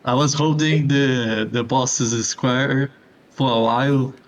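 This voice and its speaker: Halting, hesitant man. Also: medium pitch, steady tone. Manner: halting, repeats words as he searches for them. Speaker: bingo league player. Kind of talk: casual post-match chat.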